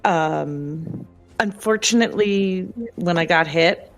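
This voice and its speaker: A woman's voice: on the low side, slow, soft background music. A woman playing a tabletop game, talking casually and hesitantly with many ums. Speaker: player.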